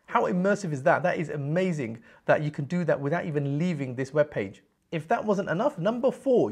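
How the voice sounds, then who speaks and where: A man presenting a screen-recorded software tutorial, explaining step by step in an upbeat way with frequent check-ins. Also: fairly high pitch, husky.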